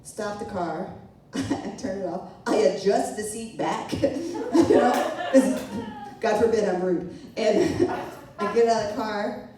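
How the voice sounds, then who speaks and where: A woman's voice: medium pitch, slow, dark tone. A young woman telling a story from her own life to a live audience, casual and laughing as she goes. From not from New York. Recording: roomy echo, mic from a distance.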